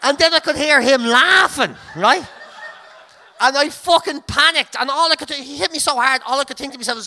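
An Irish man hosting a podcast, telling a comic story in a sweary, laughing, animated way. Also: extremely high pitch, brisk. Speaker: comedian podcast host.

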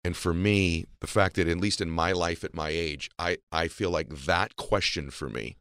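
A man's voice: deep voice, moderate pace, a bit bright, clean tone, dry recording, studio quality. A man hosting a podcast interview, talking in an earnest, reflective way about faith and purpose with his guest, and at times getting emotional. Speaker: podcast host. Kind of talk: heartfelt interview conversation.

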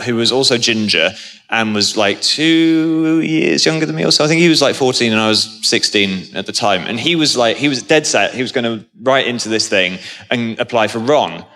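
A man in his thirties, an actor guest at a live convention interview, telling animated stories and laughing often. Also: medium pitch. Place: stage at a convention hall. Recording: live hall reverb.

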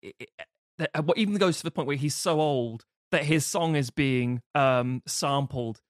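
Podcast co-host, male, lively film-chat delivery, slightly high voice, dry close mic. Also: normal speed, no echo. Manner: animated, recounts scenes acting out quotes and laughing.

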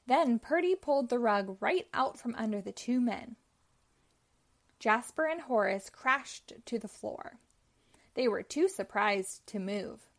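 A woman reading a children's storybook aloud, telling it clearly and expressively. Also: a little high. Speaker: storybook reader.

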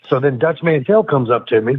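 A man's voice: on the high side, husky, no echo, lo-fi sound. A man guesting on a wrestling podcast, telling profane, heated stories and acting out the arguments he quotes. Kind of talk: casual storytelling interview.

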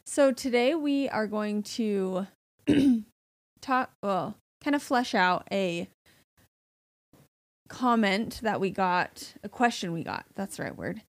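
A woman's voice: mid-range voice, animated, slow. A woman in her thirties co-hosting a parenting podcast, talking casually with lots of fillers and laughs. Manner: chatty, filler-heavy, laughs often. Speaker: podcast co-host. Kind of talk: casual chat.

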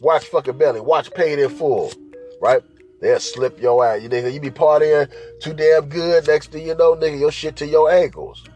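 A man's voice: a little high, fairly even intonation, normal speed, darkish tone, soft background music. A man hosting a podcast, ranting crudely and rambling with comic asides and repeated "right?"s. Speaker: podcast host. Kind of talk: profane comedic rant.

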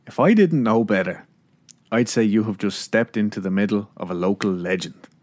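A man voicing a gloomy, level-headed old school principal with a heavy rural Irish accent, telling a folk tale slowly. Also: on the low side, darkish tone, dry recording, natural voice. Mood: ominous.

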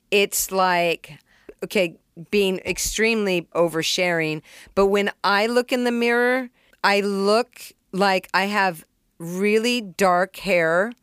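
Woman, middle-aged, candid storyteller, swears a lot, animated, smooth clear voice, dry close sound. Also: medium pitch, dry recording. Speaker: songwriter and producer, interview guest. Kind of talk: casual storytelling in an interview.

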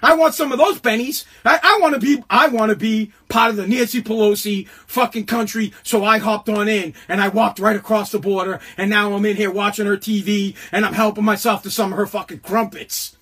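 Brief: male host, high husky voice, heated mocking rant, swears constantly, shouts often. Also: steady tone, brisk, few pauses. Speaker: political commentary host. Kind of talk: profane political rant monologue.

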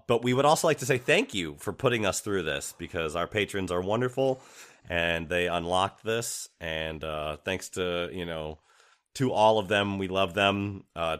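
Male podcast co-host, lowish voice, wry rambling recap chat. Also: fairly bright tone. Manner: rambling, self-interrupting, wry.

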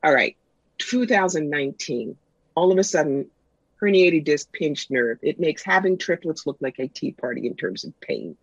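A middle-aged woman, a guest psychic and author, telling stories in a brisk, wry, punchy way in a casual interview. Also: low-pitched, animated, husky, no echo. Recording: dull lo-fi sound, dry.

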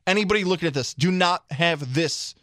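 A man's voice: on the high side, brisk, fairly bright tone, dry recording, studio quality. A man hosting a sports radio show, talking in a casual, opinionated way and steering the segment.

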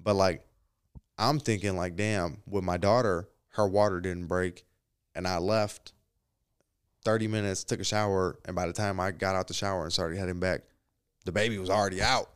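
A man's voice: sits low, moderate pace, clean tone. A young adult man casually telling a story as a podcast guest, acting out what people said and swearing freely. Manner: animated storyteller, acts out quotes, swears freely.

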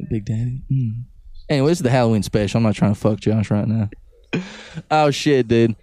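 A young man co-hosting a comedy podcast, rambling and profane, quick to laugh. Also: mid-range voice, dark tone, no room sound. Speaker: podcast co-host. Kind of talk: casual chat. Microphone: close podcast mic.

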